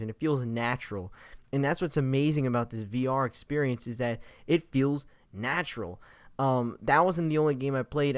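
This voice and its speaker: An enthusiastic young man talks through his gaming impressions in a loose, rambling way, full of fillers and restarts. His voice sits at an ordinary middle pitch. The sound is dry and close, with little room echo. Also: clear, resonant tone. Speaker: gaming vlogger.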